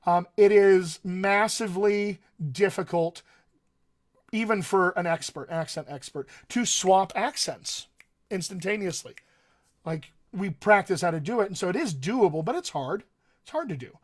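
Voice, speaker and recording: A middle-aged man with a slightly raised pitch coaches actors in a live online Q&A. He explains patiently, reaching for comparisons and restarting sentences as he goes. It sounds like a webcam session from a home office. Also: expressive, a little slow. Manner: explanatory, answers viewer questions with analogies and restarts. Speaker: dialect coach. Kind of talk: live-streamed Q&A teaching.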